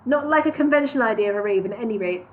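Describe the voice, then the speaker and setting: A woman's voice: on the high side, animated, rapid-fire, lightly acted. A woman voicing a polite, hesitant small male hero in a storybook reading. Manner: hesitant, civil, stumbling. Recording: tinny phone-like sound.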